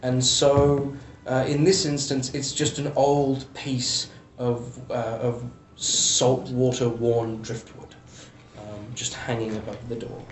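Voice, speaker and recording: A man's voice: mid-range voice, flat delivery, slow pace, recorded from a distance. A man game master rambles through a scene with loose, joking asides. He sits back from the mic in an echoey room with a faint hum underneath. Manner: rambling, loose, with fillers and jokes. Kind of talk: casual tabletop game narration.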